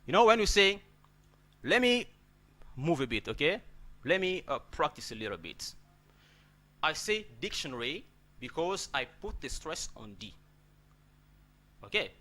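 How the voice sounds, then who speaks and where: A man's voice: fairly high pitch, sing-song, measured pace, long pauses, pushed and bright. A man teaching an English pronunciation lesson, repeating words and checking in with "okay?" after nearly every point.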